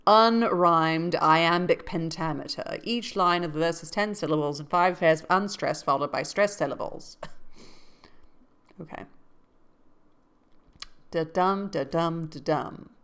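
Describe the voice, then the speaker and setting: A woman's voice: lowish voice, a little slow, fairly bright tone, clear, resonant tone. A woman reading a classic novel aloud in a casual way. She stops to look things up and makes joking asides. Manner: laughs to herself, jokey asides. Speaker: book-club host.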